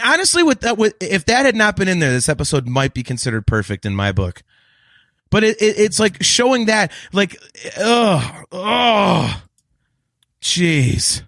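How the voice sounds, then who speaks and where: A man co-hosting a casual podcast review, ranting loudly and swearing often. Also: high-pitched, vocal fry, no echo, studio quality. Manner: profane shouting rants. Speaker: podcast co-host.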